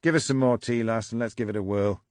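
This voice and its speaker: A man reading the part of a gruff older politician from Lancashire, blunt and then hushed and sorry. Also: fairly low pitch, fast, no echo, clean studio sound, voice pushed up, close to an everyday voice. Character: gruff older male politician, caught out and sheepish.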